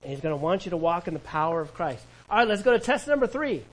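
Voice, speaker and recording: A man preaching a sermon, animated, acting out quoted voices and asking the congregation questions. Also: high-pitched, quick pace, poor audio. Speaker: pastor.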